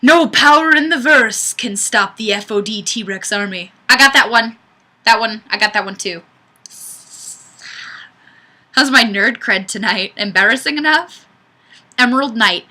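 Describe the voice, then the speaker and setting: A woman's voice: a little high, moderate pace, pushed and bright. A woman hosting a webcam livestream, reading viewer comments in a chatty, self-deprecating way. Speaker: livestream host. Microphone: webcam mic.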